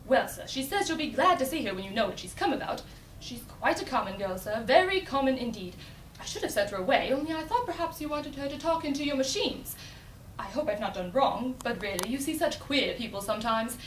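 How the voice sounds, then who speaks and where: A woman's voice: high-pitched, expressive, brisk, a little hiss or hum. A woman voicing a prim, deferential housekeeper with a polite, fussy manner, recorded from a distance in an echoey room. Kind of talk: recitation in a speech competition.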